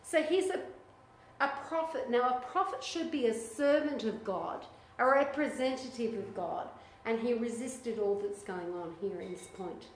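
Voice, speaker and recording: A woman leading a small-group Bible study in a casual, animated way, acting out what biblical figures might say. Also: a little high, moderate pace, a little hiss or hum. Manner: animated, chatty, acts out voices of biblical figures. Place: echoey room with a small group. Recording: echoey room recording.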